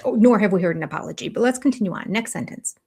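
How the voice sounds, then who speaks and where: An older woman giving deliberate, analytical commentary as a host, with a dryly sarcastic edge. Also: medium pitch, expressive, gravelly, darkish tone, breathy edge.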